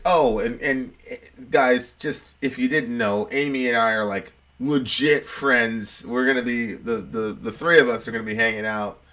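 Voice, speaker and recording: A young man answers viewer questions in loose, casual talk, full of fillers and false starts. He tells stories with plenty of restarts and briefly acts out the people in them. His voice sits at an ordinary male pitch. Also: a bit bright. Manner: rambling, many restarts and fillers; acts out quoted voices in the story. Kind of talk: casual chat, storytelling.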